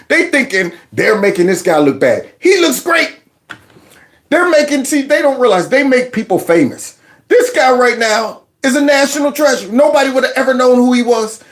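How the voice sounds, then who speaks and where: Male reaction host, high lively voice, mocking and laughing, trash-talk delivery. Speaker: commentary host. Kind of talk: reaction commentary.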